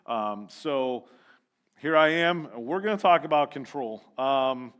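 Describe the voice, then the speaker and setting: A man's voice: mid-range voice, expressive, a little slow, a bit bright, clean tone. A man preaching a sermon as youth leader in a church, casual and joking, with lots of ums and restarts.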